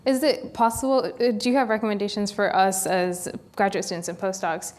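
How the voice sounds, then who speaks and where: A woman graduate student moderates a live panel. Her voice sits at a middle pitch. She puts her questions to the speaker politely and with some hesitation, restarting her phrasing as she goes. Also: steady tone, brisk, darkish tone.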